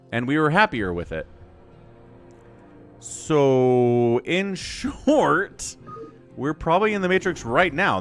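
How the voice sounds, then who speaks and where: A man casts a live strategy match on his stream, excitable and chatty, laughing easily between plays. His voice sits a little high and swings widely in pitch. Faint music runs underneath. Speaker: esports caster and streamer. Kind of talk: live game commentary with chat interaction.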